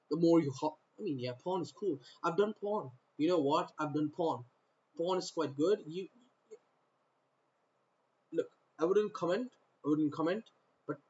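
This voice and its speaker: A man from North India talks to the camera in a rambling, stop-start monologue, circling back over the same phrases. His voice sits a little higher than most men's. The recording is dull and lo-fi. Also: darkish tone. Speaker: vlogger.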